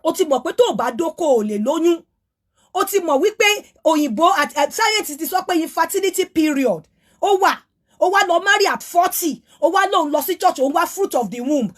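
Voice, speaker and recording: A woman with a Yoruba Nigerian accent hosts a heated solo monologue. Her voice sits very high, and she lectures with repeated rhetorical questions, switching freely between Yoruba and English. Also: animated, fairly quick. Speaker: host. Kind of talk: opinionated monologue.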